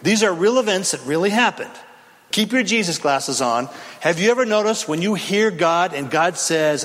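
A man preaching a dramatic, impassioned sermon, shouting at peaks, in a reverberant hall. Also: high-pitched, expressive, normal speed. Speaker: pastor.

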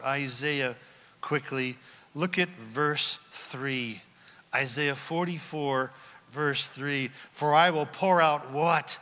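Man, pastor, sermon, high pitch, urgent emphatic preaching, shouts and whispers, long hall reverb. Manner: swings between loud shouting and hushed whispers; urgent, emphatic preaching with call-and-response questions.

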